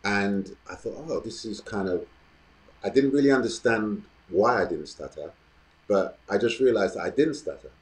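A man with a very low, deep voice. As an interview guest, he tells his story slowly and thoughtfully. He often pauses with ums. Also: lively intonation, rough recording. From London, England. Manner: thoughtful, measured, with frequent ums. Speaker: actor and guest.

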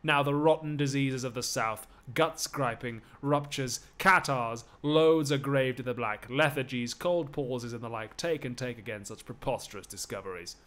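A man's voice: mid-range voice, lightly acted. A man voicing Thersites, a bitter and foul-mouthed Greek scoffer, spitting out insults in a live-streamed Shakespeare reading. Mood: scornful, railing. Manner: loud, scornful insults with drawn-out words.

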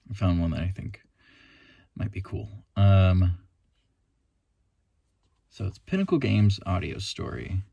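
A man's voice: low-pitched, vocal fry, mellow, husky, no room sound. A young man talking casually in a vlog about his day and voice-acting auditions. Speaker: vlogger and voice actor.

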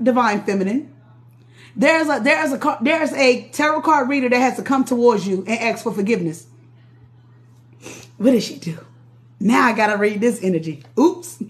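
A woman's voice: fairly high pitch, lively intonation, moderate pace, pauses often. A woman, giving a casual live-stream tarot reading, chatty with viewers and often laughing. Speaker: tarot reader.

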